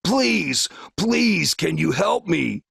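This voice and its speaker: A man's voice: a little high, big pitch swings, extremely slow, creaky, fairly bright tone, slightly rough, no echo, clean studio sound, voice pushed up, heavily acted. A man voicing a proud, regal, boastful male lion in a recorded storybook reading. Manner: roaring, boastful.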